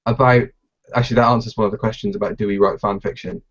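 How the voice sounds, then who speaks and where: A man with a lowish voice co-hosts a live podcast chat. He talks in a halting, playful way and keeps backing up and starting over. The sound is muffled and lo-fi. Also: steady tone, husky. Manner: halting, many fillers and restarts, playful. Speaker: podcast co-host.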